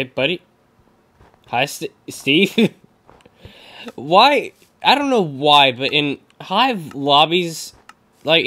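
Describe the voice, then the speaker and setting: A young man commentating his own gameplay, excitable, laughing often and talking at his opponents. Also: medium pitch. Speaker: gaming commentator.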